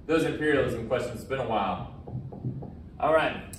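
A man's voice: mid-range voice, normal speed. A male history teacher talking casually through practice exam questions, with a joking, sarcastic streak. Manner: casual and jokey, self-described as sarcastic. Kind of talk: recorded lesson walking through practice questions. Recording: roomy echo, distant from the mic, faint background noise.

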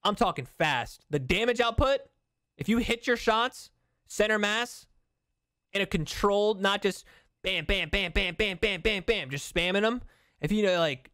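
A man's voice: high voice, a bit bright, dry recording, studio quality. A young man giving casual, slangy gaming commentary, hyped and repeating himself. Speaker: gaming YouTuber.

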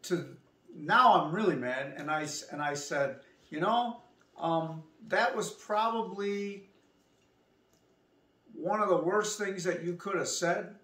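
A woman's voice: fairly low pitch, slow, fairly bright tone. A woman telling a restaurant story in a casual vlog, acting out both sides of the conversation herself. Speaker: vlogger. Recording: echoey room, voice from a distance.

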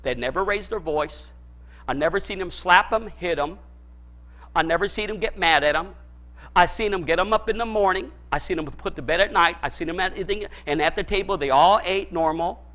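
High, bright-voiced preaching man. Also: fairly quick. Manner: emphatic preaching with repetition, rising to shouts; folksy, addresses the congregation directly. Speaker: pastor. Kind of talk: sermon.

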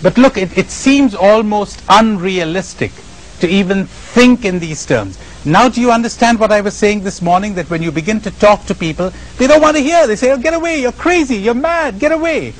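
A man giving a spiritual lecture to a live audience, animated and questioning, often asking the listeners questions and acting out the voices of the people he describes. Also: high voice, normal speed, rough recording. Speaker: spiritual teacher.

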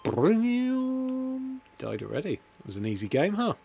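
A man's voice: sits high, huge pitch swings, unhurried, creaky, warm tone. A man chatting through a game, joking and reading viewer comments aloud, feeling hot and sweaty. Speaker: Let's Play streamer. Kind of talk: casual gameplay commentary.

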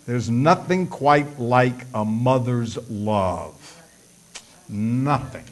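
A man's voice: medium pitch, lively intonation, drawn-out words. A male pastor preaching a sermon, acting out prayers in a raised voice, with folksy asides.

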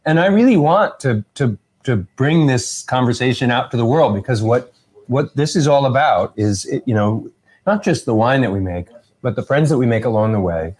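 A man hosting a live interview, talking casually in a relaxed, rambling way with restarts. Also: medium pitch, moderate pace, slightly rough. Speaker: host.

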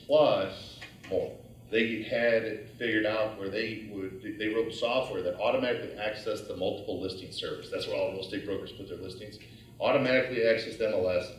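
Low-voiced man lecturing in an echoey hall. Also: far from the mic. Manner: animated, conversational, acts out his own past thoughts. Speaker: guest lecturer. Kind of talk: storytelling lecture. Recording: very echoey hall, heard from afar.

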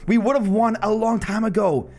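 A man giving live commentary over his own mobile game matches, casual and excitable, often breaking into loud disbelieving shouts. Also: sits high, normal speed. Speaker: gaming channel host.

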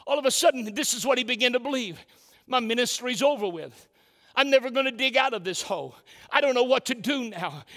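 A man's voice: extremely high pitch, fairly bright tone. A man preaching a sermon as pastor, often repeating "can I tell you" and restarting his words as he drives his points home. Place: church sanctuary. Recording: long hall reverb.

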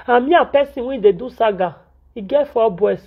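Nigerian woman vlogger, fairly high voice, indignant and scolding, dull lo-fi sound. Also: lively intonation, normal speed, slightly rough. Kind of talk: venting in Nigerian Pidgin. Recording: dull lo-fi audio.

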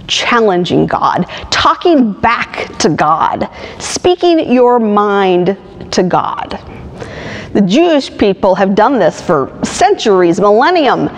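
A woman pastor who reads a poem aloud and then preaches a sermon with lively emphasis. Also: mid-range voice. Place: church sanctuary. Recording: long hall reverb.

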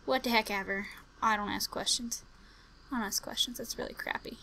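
A young woman giving casual gameplay commentary, chatty and jumpy, muttering to herself and bursting into panicked yells. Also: mid-range voice, steady tone, normal speed. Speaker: gaming commentator.

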